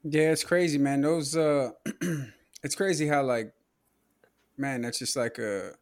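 Halting man in casual podcast talk. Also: mid-range voice. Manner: halting, many fillers and restarts.

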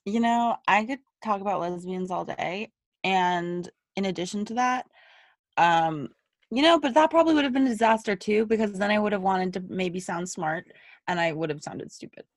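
A young woman hosts a casual chat, rambling and self-deprecating as she hunts for words. Her voice is at a middle pitch and recorded dry and close, with no room sound. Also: normal speed, no room sound. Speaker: podcast host.

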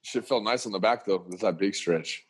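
Low-voiced man telling laid-back, slangy stories. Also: normal speed, breathy edge, poor audio. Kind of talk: casual chat.

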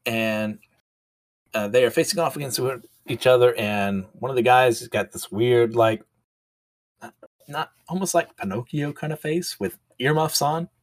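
A man's voice: mid-range voice, measured pace, dry recording. A man casually reading comics aloud and commenting, chatty and often laughing. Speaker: manga reviewer.

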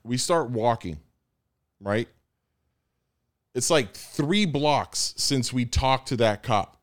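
A man's voice: medium pitch, animated, takes it slowly. A young American man telling a story in casual chat, acting out the people he quotes. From United States.

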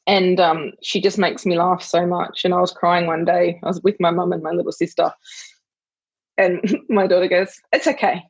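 A woman hosting an interview, effusive and heartfelt, telling personal stories with a husky voice. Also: lowish voice, level tone, moderate pace. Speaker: podcast host, mother. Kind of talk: conversational podcast interview. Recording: dull lo-fi, dry.

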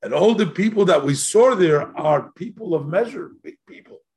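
A man's voice: high voice, expressive, normal speed, darkish tone. A man teaching a text-study lesson, working through questions aloud and slipping Yiddish and Hebrew phrases into his speech, his voice rising as he asks them. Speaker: Torah teacher.

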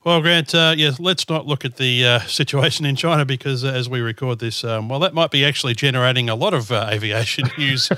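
A man's voice: mid-range voice, fairly quick, hardly any pauses, sharp tone, no echo, studio quality. A man from southern Australia with an Australian accent, co-hosting a podcast in casual chat, laughing often and using many fillers. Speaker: podcast co-host.

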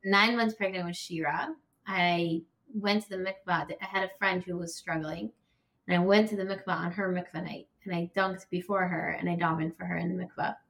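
A woman's voice: on the low side, steady tone, a little fast, creaky, a bit bright. Candid, emotional American woman storyteller. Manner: emotional, heavy use of "like", bursts of raised voice when retelling anger. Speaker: podcast guest.

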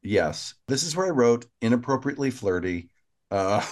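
A man's voice: mid-range voice, very animated, slow pace, long pauses, a bit bright. A man co-hosting a podcast, walking through an episode's plot step by step in a casual, conversational recap. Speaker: podcast co-host.

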